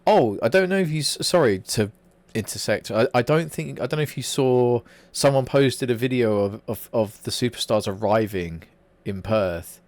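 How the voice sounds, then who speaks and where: Laughing, swearing podcast co-host. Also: male voice, mid-range voice, animated, normal speed, dry recording. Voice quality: swears freely, laughs a lot, restarts sentences. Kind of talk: casual unscripted chat.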